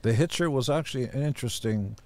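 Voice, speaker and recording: A man in his seventies, a podcast guest, telling stories in a gruff, deadpan way and acting out other people's voices. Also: medium pitch, fast talker. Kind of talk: casual storytelling.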